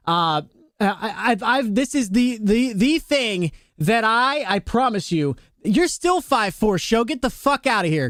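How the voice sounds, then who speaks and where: Young american guy streaming, high pitched voice, profane rambling chat, dry close mic. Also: fairly bright tone, no echo. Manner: rambling, profane, self-mocking, reads chat aloud. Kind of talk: casual live-stream chat with viewers.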